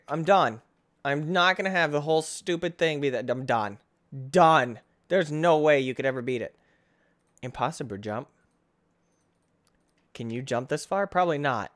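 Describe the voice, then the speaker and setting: A young man giving excitable playthrough commentary, breaking into sudden high yelps and self-mocking groans. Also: moderate pace, pauses often. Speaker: gaming channel host.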